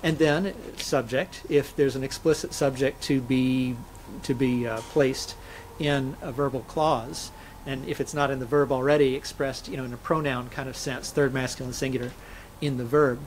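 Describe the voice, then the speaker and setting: A man's voice: mid-range voice, fairly even intonation, normal speed, slight background noise, rough recording. A man, a scholar and interview guest, explaining grammar methodically and illustrating points with spoken examples.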